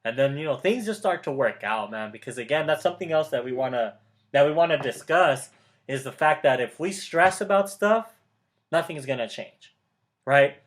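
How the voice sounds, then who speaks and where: Upbeat man giving pep-talk coaching. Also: a little high. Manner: enthusiastic and emphatic, repeats key words; laughs often mid-sentence. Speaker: motivational mentor. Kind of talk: casual coaching chat.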